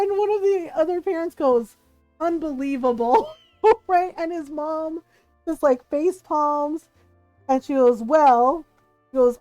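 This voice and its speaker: Woman streamer, high voice, chatty storyteller who acts out quotes. Dry sound, soft music under. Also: takes it slowly, no echo. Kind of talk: casual storytelling while gaming. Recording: dry close mic with faint game music.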